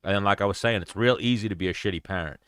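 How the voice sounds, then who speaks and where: A man's voice: lowish voice, very fast, fairly bright tone, clean tone, dry recording. A young adult man hosting a casual livestream chat, talking bluntly and profanely in a rambling way. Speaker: show host.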